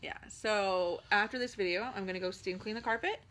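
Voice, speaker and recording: Bright-voiced chatty woman host. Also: medium pitch, brisk. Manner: chatty, lots of "like" and "totally". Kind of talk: casual chat. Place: home.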